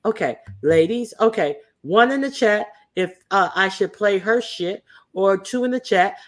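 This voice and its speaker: A woman's voice: medium pitch, expressive, a little slow. Sassy, profane woman livestream host. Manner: hesitant, lots of fillers and restarts. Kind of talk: casual commentary livestream.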